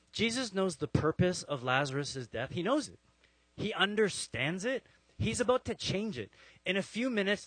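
A man's voice: fairly high pitch, fairly bright tone, dry recording, rough recording. A man preaching a sermon, telling stories and acting out the voices of the people in them. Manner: storytelling, acts out voices of people in the story. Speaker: pastor.

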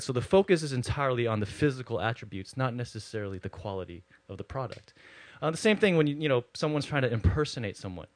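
A man's voice: medium pitch, no room sound. A man preaching a conversational sermon, with many fillers and asides. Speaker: pastor.

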